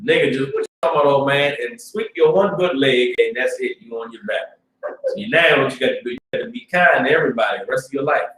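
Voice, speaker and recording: A man teaches a religious class in a loose, street-smart preaching manner, frequently asking "you understand?" as he shifts between quiet muttered asides and loud outbursts. He speaks quickly and expressively, standing well away from the microphone in a roomy-sounding space.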